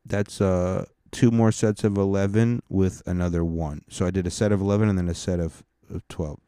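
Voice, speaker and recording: A man's voice: low-pitched, fairly even intonation, moderate pace, dark tone, clear, resonant tone, dry recording, studio quality. A man hosting a podcast, telling rambling, profane, laid-back stories. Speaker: podcast host and stand-up comic. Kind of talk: casual podcast monologue.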